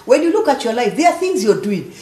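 A woman's voice: a little high, sing-song, quick pace, warm tone. A woman co-hosting a church teaching talk, emphatic, speaking in a preaching conversational style. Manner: emphatic, acts out quoted speech, laughs easily. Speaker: co-host of a church teaching show. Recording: roomy echo.

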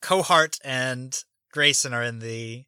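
A man's voice: medium pitch, takes it slowly, sharp tone, smooth, no echo. A man narrating a tabletop game as game master, laid-back and often laughing as he describes scenes.

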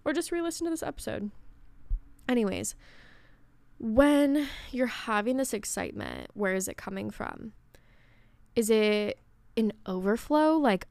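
A woman's voice: on the high side, big pitch swings, a little slow, vocal fry, long pauses, a little mellow, no room sound. A young woman hosting a casual spiritual podcast, chatty and swearing freely, with whispered asides. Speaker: podcast host.

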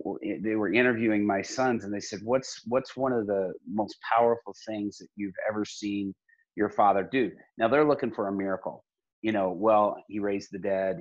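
A man's voice: lowish voice, dull audio. A middle-aged man, a pastor and podcast guest, talking earnestly in casual conversation, with many restarts.

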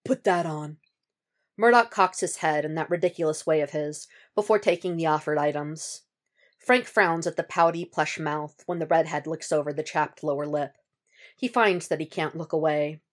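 Low-voiced woman reading a story. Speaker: podfic reader. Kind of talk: audiobook reading of fan fiction.

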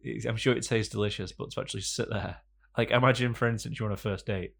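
A man's voice: lowish voice, fairly even intonation, fast, gravelly, fairly bright tone, slightly rough. A young man hosting a podcast, telling jokey rambling stories with lots of fillers in casual banter. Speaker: podcast co-host.

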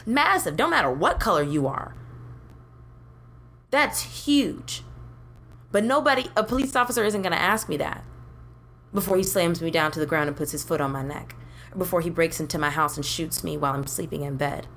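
Young woman podcast co-host, low voice, blunt and profane, faint noise behind. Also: animated, moderate pace, pauses often, a bit bright. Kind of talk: casual chat.

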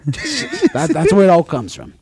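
A man's voice: high-pitched, huge pitch swings, a little slow, darkish tone, slight background noise, exaggerated voice. A man playing a brash, crude middle-aged male wiseguy who brags and swears as he talks. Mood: boastful. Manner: swaggering, boastful, profane, keeps saying "you know what I'm talking about". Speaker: podcast co-host playing a guest. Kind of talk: improvised comedy character.

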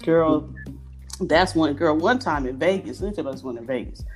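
A woman's voice: deep voice, a little fast, soft background music. A woman telling stories in a casual chat, acting out the voices of the people she quotes. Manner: animated, acts out quoted voices.

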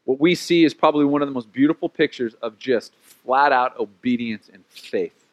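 A man preaching a sermon in a lively, conversational way, with playful acted asides. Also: mid-range voice, moderate pace. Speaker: pastor.

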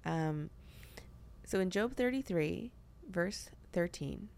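A woman's voice: fairly low pitch, animated, slow pace, vocal fry, darkish tone. A young woman hosting a podcast, talking earnestly about faith in a chatty way, full of filler words. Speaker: podcast host. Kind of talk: casual faith discussion.

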